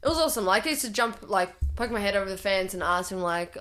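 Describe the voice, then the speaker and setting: A young adult Australian woman hosting a casual podcast chat, telling stories in an animated, chatty way with frequent laughter. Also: medium pitch, quick pace, few pauses. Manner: animated, chatty storyteller who laughs often.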